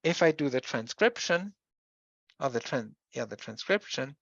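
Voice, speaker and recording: Lecturer talking thru a uni class, lots of pauses n restarts, dull dry sound. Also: mid-range voice, lively intonation, vocal fry, fairly bright tone, no room sound. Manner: explanatory, with pauses and self-corrections. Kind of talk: university lecture.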